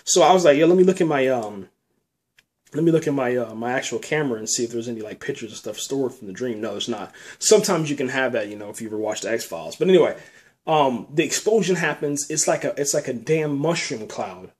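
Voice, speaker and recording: A man with a medium-pitched, darkish voice, lively intonation, and a quick pace recounts a nightmare. It's casual, rambling storytelling, full of swearing and constant "man" and "you know."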